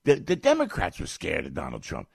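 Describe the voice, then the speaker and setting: A middle-aged man, a stage comedian, delivering a heated political rant, indignant and repeating himself, his voice leaping up and getting loud when riled. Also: very deep voice, huge pitch swings, brisk, creaky, husky, no echo. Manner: repeats phrases, restarts sentences.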